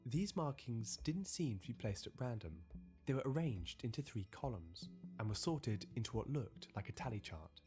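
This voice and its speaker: A man giving measured, storytelling documentary narration. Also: medium pitch, expressive, darkish tone, soft background music.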